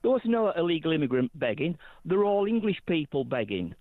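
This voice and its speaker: A Yorkshire man rings in over a dry, tinny phone line. He speaks in a fairly high voice, and his talk is blunt and indignant. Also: very animated, brisk, no echo. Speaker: caller. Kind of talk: phone-in rant.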